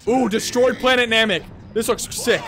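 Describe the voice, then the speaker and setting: A young man streaming a fighting game, commenting live with excitable, profane trash talk. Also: very high voice, normal speed. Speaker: gaming streamer. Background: game music.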